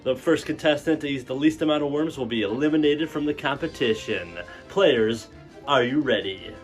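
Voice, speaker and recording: A man plays a smug game show host with a showman's patter. He mocks his contestants in an even, mid-pitched voice. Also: moderate pace, soft background music, lightly acted. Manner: showman announcer, mocking.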